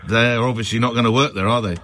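A man hosting a radio phone-in, chatty and brisk, quick to cut in on callers. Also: mid-range voice, fairly even intonation, fairly bright tone, slight background noise.

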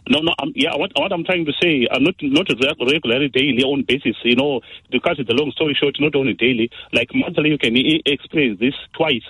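A man's voice: medium pitch, fairly quick, hardly any pauses, a bit bright, breathy edge, no room sound. A nervous, upset man calling into a radio phone-in, hesitant and full of fillers and restarts, his voice shaky. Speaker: caller. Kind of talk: phone-in call. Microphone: phone call. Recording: muffled phone line.

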